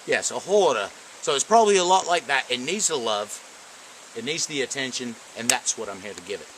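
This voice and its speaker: A man's voice: medium pitch, animated, a little fast, background noise, lightly acted. A man playing a pompous, touchy self-styled male Sasquatch expert in an improvised comedy, recorded outdoors on a camera mic. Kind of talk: improvised comedy role-play. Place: outdoors in the woods.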